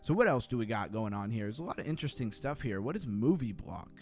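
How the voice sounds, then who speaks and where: A man's voice: medium pitch, expressive, fast talker, a little mellow, soft background music. A man hosting a livestream, giving blunt, skeptical commentary and reacting to viewer comments in a casual chat. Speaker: crypto livestream host.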